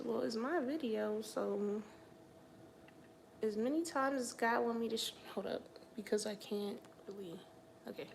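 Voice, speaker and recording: In a casual testimony vlog, a young adult woman streams live and chats through her faith story with plenty of "like." Her creaky voice sits on the high side at a measured pace, and faint background noise is present.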